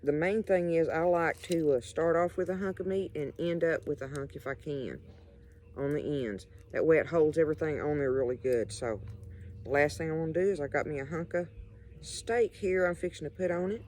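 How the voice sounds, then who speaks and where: A woman's voice: low voice, moderate pace, darkish tone, slight background noise. Folksy woman hosting outdoors. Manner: folksy and chatty, talking straight to viewers. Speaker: cooking show host. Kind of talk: casual cooking demonstration. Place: outdoors at night by a river.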